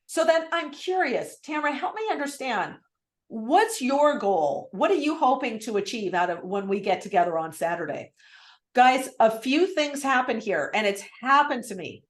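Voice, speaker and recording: A woman's voice: on the high side, normal speed, reverberant. A woman real estate coach teaching on a video call, talking with energy and acting out client replies. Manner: energetic, animated, acts out client lines.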